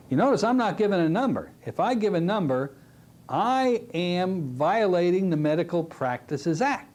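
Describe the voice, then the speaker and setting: A middle-aged man teaching a recorded hypnotherapy lesson, telling stories from his practice in a lively way. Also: high voice, moderate pace, a little hiss or hum. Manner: animated storytelling, drops to a soft hypnotic voice when demonstrating. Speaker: hypnotherapy instructor. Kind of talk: recorded training lecture.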